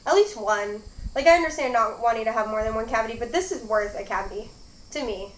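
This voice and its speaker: A woman's voice: a little high, lively intonation, fast. Chatty young woman, roomy sound. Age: young adult. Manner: chatty, rambling, lots of "like" and "um". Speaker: mukbang host. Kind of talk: casual eating vlog chat. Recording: roomy echo, faint background noise.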